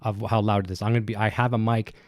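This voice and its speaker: Talking fast in a fairly low, flat-pitched voice, a man with a cold rambles on his home-studio guitar gear stream. He breathes heavily, stumbles through fillers and restarts, and reads viewer comments aloud. The close dynamic broadcast mic captures no echo.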